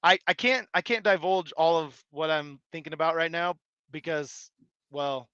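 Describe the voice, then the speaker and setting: A man's voice: a little high, moderate pace, pushed and bright, clear, resonant tone, no echo, highs cut off. A man hosting a live stream, chatting casually and rambling with many restarts and fillers. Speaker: live stream host reading chat. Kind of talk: casual chat.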